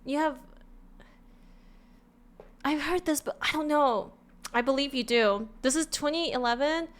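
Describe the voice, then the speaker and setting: A woman's voice: high voice, a little slow. Giggly woman with a Californian drawl. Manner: giggly, bubbly, stammers and repeats words. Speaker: streamer. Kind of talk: casual live-stream chat.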